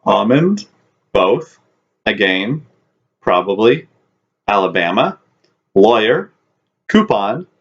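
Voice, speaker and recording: A man's voice: fairly low pitch, very animated, slow, long pauses. A man co-hosting a casual vlog, reading a word list and teasing with dry jokes. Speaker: vlog co-host. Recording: dull lo-fi audio.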